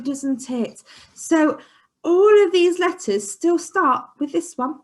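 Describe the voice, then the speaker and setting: A woman teaching a phonics lesson to young children in an encouraging, sing-song way, sometimes dropping to a soft whisper. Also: mid-range voice, husky. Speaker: early years teacher. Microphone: camera she sets up herself.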